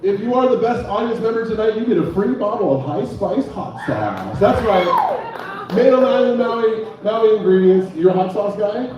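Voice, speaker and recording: A man's voice: high-pitched, moderate pace, dark tone, heavy reverb, far from the mic, lo-fi sound. A young man hosting a bar comedy night and doing stand-up, loose and joking, chatting with the crowd. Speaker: comedy show host and stand-up comic.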